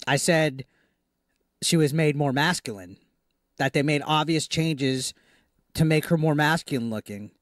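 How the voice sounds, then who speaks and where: Man, somewhat high voice, defensive argumentative commentary, dry close sound. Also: unhurried, long pauses, no echo. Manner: argumentative, defending himself point by point. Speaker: gaming video creator.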